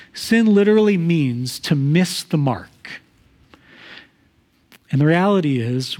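A man with a high voice preaches a sermon as pastor. He teaches earnestly, working through his points and bringing them to life with playful everyday examples. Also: dark tone.

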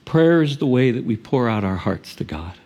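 A male pastor preaching a sermon in an earnest, expressive storytelling manner, sometimes correcting himself mid-word. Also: medium pitch, moderate pace.

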